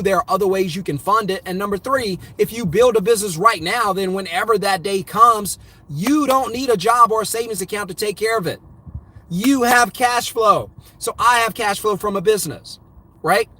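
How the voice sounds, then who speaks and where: A man with a notably high voice delivers a motivational money talk to his viewers. He is middle-aged and hammers his points home with emphatic repetition, in a preachy, punchy rhythm. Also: sharp tone. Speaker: host.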